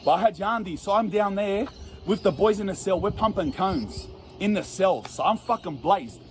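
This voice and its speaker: High-voiced Australian man telling stories. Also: expressive, moderate pace, a little hiss or hum. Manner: rambling, laughing at himself, heavy slang. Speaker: storyteller in an interview clip. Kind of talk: casual profane storytelling.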